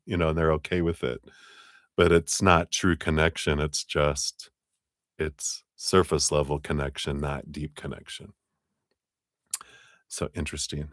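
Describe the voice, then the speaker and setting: Deep-voiced man giving a lively reading. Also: unhurried, pauses often, dry recording, clean studio sound. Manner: animated, acts out quoted voices with big pitch jumps; laughs often, many fillers. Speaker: tarot reader. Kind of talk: live-streamed reading talk.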